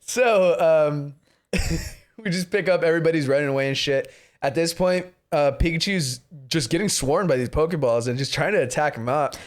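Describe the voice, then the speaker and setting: A man's voice: a little high, moderate pace. A man co-hosting a podcast, casually retelling a movie with lots of laughter and swearing. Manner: laughs often, swears freely, rambling retelling. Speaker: podcast co-host. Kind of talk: casual movie recap chat.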